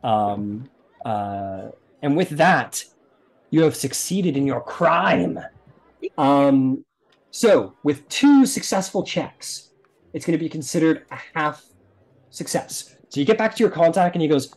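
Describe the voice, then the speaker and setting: A man's voice: on the high side, expressive, takes it slowly. A man narrating as game master of a tabletop game in a casual, explanatory, rambling way.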